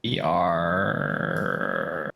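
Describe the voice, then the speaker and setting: A man's voice: low voice, very animated, very slow, vocal fry, bright, forceful tone. A man playing a tabletop game, making wry, joking asides in casual chat. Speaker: player.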